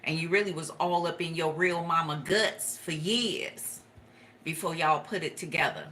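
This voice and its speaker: Foul-mouthed lady doing a tarot reading, bright sharp voice, kinda low, laughs a lot. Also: normal speed, a little hiss or hum. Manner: profane, animated, laughs often. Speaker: tarot reader.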